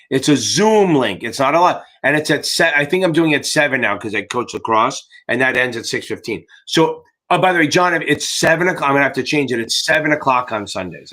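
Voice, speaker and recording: Bright, profane middle-aged man hosting a livestream. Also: mid-range voice. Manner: rambling, profane, jokey. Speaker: exam tutor hosting a live Q&A. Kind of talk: casual livestream chat.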